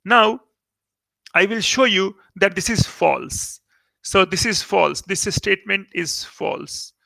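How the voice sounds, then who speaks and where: A man's voice: high voice, takes it slowly, vocal fry, sharp tone, no echo. A man with an Indian English accent teaching calculus in a recorded lecture, explaining step by step and repeating key words for emphasis. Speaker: maths teacher.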